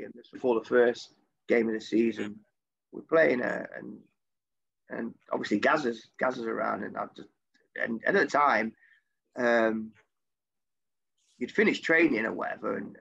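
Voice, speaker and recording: Gravelly ex-footballer, animated storyteller. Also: male voice, medium pitch. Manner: animated, swears freely, voice jumps up when quoting himself. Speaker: former footballer. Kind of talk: casual storytelling anecdote. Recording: dull lo-fi recording.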